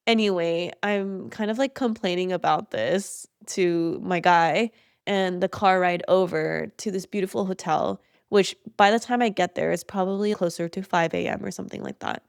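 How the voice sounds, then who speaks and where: A young woman hosting a podcast, telling a travel story in a chatty, animated way with many fillers. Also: fairly low pitch, normal speed, vocal fry, clear, resonant tone, no room sound, clean studio sound. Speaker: podcast host. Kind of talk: casual storytelling monologue.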